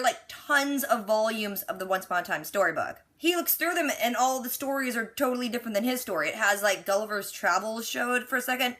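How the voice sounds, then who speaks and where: Chatty female recapper with a bright, forceful tone and quick sarcastic asides. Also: medium pitch. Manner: quotes characters with lots of "like". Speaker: TV reaction recapper. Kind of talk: casual episode recap.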